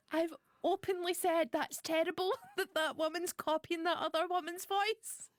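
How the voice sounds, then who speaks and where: A woman's voice: very high voice, fairly even intonation, measured pace, a little hiss or hum. A Scottish woman in her thirties hosting a casual radio show, chatty and self-mocking, reading listener messages and laughing often. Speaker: radio host. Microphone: studio mic. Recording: dry close studio sound.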